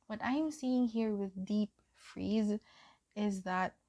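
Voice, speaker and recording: A young woman with a mid-range voice gives a gentle, encouraging pick-a-card tarot reading. She giggles often and says "um" a lot.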